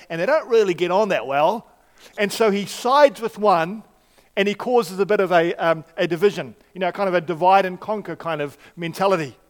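Higher-voiced male preacher in a reverberant hall. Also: moderate pace. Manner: conversational, with frequent fillers and restarts. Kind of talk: sermon. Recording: long reverb of a large hall.

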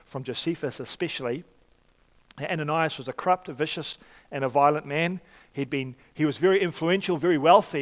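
Higher-voiced male preacher in a reverberant hall. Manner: conversational, with frequent fillers and restarts. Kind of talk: sermon. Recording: long reverb of a large hall.

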